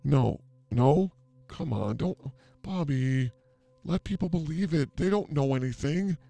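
A man's voice: a little high, animated, unhurried, creaky, warm tone, dry recording, pitched above the performer's own voice. A man playing a brash self-declared psychic healer in an improvised comedy bit, talking in a theatrical, blustering way. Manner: over-the-top, theatrical, blustering.

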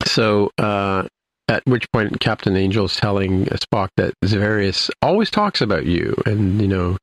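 A man's voice: on the low side, lively intonation, unhurried. A man casually recapping an episode, rambling with many fillers and restarts. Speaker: podcast host recapping an episode. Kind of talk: casual chat.

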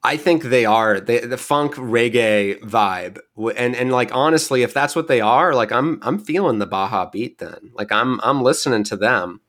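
A man co-hosting a podcast, chatting in an easygoing, rambling way with many pauses. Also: mid-range voice, fairly bright tone. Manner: easygoing, rambling, hesitant with fillers. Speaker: podcast co-host. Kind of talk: casual chat.

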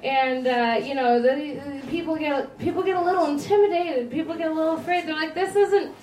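A woman in her twenties doing self-deprecating stand-up comedy, halting with fillers. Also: high voice, fairly even intonation, darkish tone, a little hiss or hum. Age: 20s. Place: comedy venue, stage. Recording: echoey room recorded from a distance.

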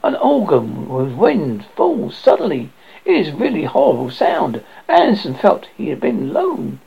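A man narrating a ghost story aloud in a halting way, often stumbling over words. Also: high voice, gravelly, husky. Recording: dull lo-fi recording.

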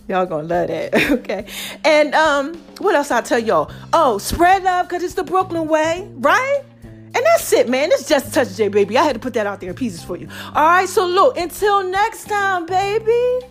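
A woman's voice: sits high, sing-song, normal speed, faint music behind. A woman hosting a podcast, giving casual motivational talk in a playful way, repeating phrases and calling her listeners "baby.". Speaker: podcast host.

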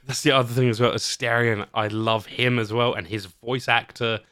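A man hosting a podcast in casual chat, animated, laughing often and swearing casually as he talks about games. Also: medium pitch, normal speed, smooth. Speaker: podcast host.

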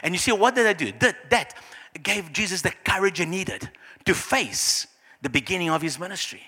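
A male pastor, preaching a sermon with emphatic swings between loud, high lines and quiet, low ones. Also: animated, normal speed, breathy edge, long reverb tail.

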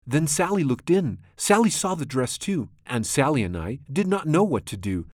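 A man's voice: a little high, moderate pace, no echo, clean studio sound. Man reading a rhyming storybook aloud. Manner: rhythmic, expressive rhyming delivery. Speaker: storybook reader. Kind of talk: children's storybook read-aloud.

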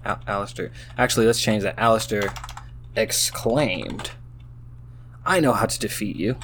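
A man's voice: on the low side, fairly even intonation, fast talker, a bit bright, slight background noise. A tipsy man reads an AI-written story aloud, breaking off into baffled exclamations. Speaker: host reading out an AI-written story. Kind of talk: casual reading aloud with running commentary.

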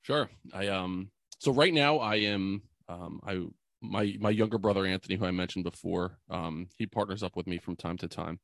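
A man's voice: sits low, moderate pace, gravelly, a bit bright, no room sound, studio quality. A man in his forties, a podcast guest, telling a personal story in an earnest, emotional way, full of fillers. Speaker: podcast guest, youth mentor.

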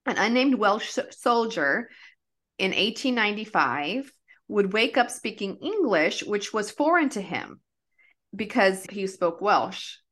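A woman's voice: mid-range voice, very animated, unhurried, fairly bright tone. A woman hosting a podcast, chatting casually and telling cases in a loose, rambling way. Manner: chatty, lots of "like" and restarts. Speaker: podcast host. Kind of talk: casual chat.

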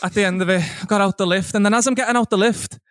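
A man's voice: high voice, steady tone, very fast, a bit bright, no room sound, studio quality. A young man telling a crude, laughing anecdote on a podcast recorded from home. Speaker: podcast co-host. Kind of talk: casual chat, storytelling.

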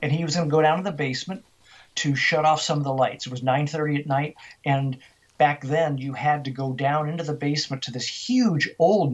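A middle-aged man, an interview guest, telling a story in animated style and acting out the dialogue he quotes. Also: fairly high pitch, breathy edge. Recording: dull, lo-fi sound.

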